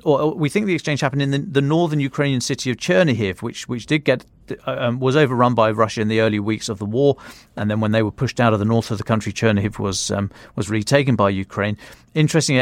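Halting man analyst, dry sound. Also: medium pitch, no room sound. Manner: halting, with many restarts. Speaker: contributor. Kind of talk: news podcast analysis.

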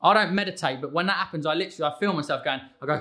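A lively guest in his thirties, talking casually and slipping into little voices for his kids. His tone is bright and forceful, sitting slightly higher than most men. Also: racing. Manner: animated, acts out his kids' voices. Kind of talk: casual conversation.

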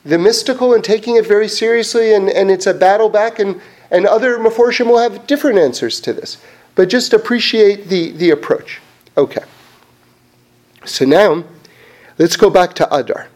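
A man with a fairly high voice leads an informal Torah class. He speaks in an animated, chatty way, restarting sentences and sprinkling in fillers as he talks through a question. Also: moderate pace. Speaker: Torah teacher.

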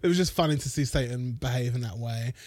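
A man's voice: mid-range voice, quick pace, a little mellow, no room sound. Sweary man, dry close sound. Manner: rambling, sweary, self-mocking. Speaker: podcast co-host. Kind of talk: casual chat.

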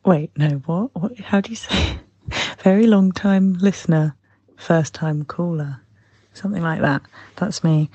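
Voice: medium pitch, measured pace, darkish tone, slightly rough, dry recording, dull audio. A caller in their twenties leaving a rambling, self-mocking voicemail with frequent giggles. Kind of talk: voicemail to a podcast.

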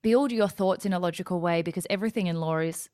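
Aussie woman rambling through her story, kinda low voice, dry sound. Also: quick pace, a little mellow, no echo. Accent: Australian. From Australia. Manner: talkative, goes off on tangents. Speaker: guest. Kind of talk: casual interview chat.

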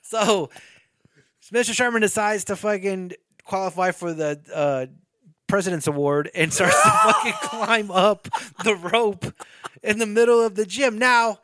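A man's voice: high-pitched, very animated, unhurried, sharp tone, dry recording, studio quality. A man casually retelling a movie plot, swearing often and acting out the characters' lines. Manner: profane, rambling, acts out characters' lines. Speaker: podcast co-host. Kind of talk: casual chat recapping a movie.

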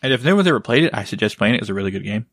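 A male co-host on a podcast races through casual conversation in a lowish, sing-song, fairly bright voice. He rambles, peppers his speech with "like" and "right?", and swears at times, all in a dry, clean studio recording.

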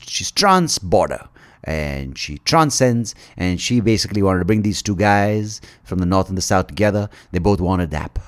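A man telling a story as a comic monologue, rambling, irreverent and full of jokes. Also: low-pitched. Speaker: podcast guest.

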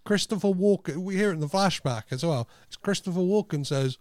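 A man co-hosting a podcast, animated and joking crudely, often laughing at his own lines. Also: sits high, fairly quick, dry recording. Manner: animated, crude jokes, cracks himself up. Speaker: podcast co-host. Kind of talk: casual film chat.

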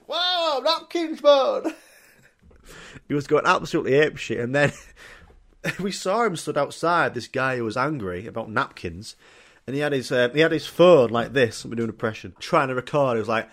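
A man's voice: mid-range voice, fairly quick, a bit bright. A young man, telling rambling, sweary, jokey stories on his own podcast. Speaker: podcast host. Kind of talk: casual solo podcast storytelling.

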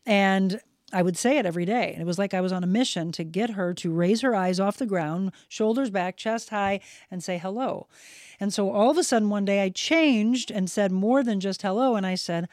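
A woman's voice: medium pitch, fairly quick, a little mellow, dry recording, clean studio sound. Earnest woman telling a heartfelt story. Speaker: podcast guest. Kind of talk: storytelling in casual podcast chat.

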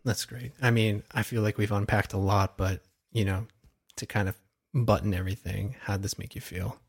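A man co-hosting a casual film podcast, relaxed and mostly answering in short agreeing replies. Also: lowish voice, moderate pace, slightly rough. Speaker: podcast co-host.

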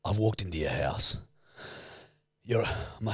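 A man's voice: on the low side, animated, measured pace, pauses often, husky, dry recording, clean studio sound. A man co-hosting a podcast, teasing his co-host and setting up comic bits with swearing. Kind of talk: casual chat.

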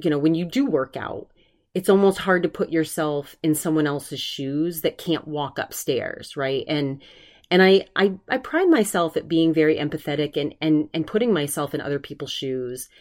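A woman's voice: sits low, moderate pace, darkish tone. A woman hosting a solo podcast, talking earnestly and rambling with many restarts, emotional while recovering from covid. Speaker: podcast host.

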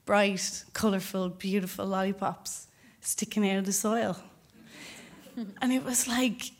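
A young Irish woman tells a true story from a theatre stage, speaking into a stage mic at an ordinary pitch. She is animated, slipping into the voices of the people she quotes and laughing as she goes. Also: unhurried. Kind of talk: live personal storytelling onstage. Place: theatre stage before an audience.

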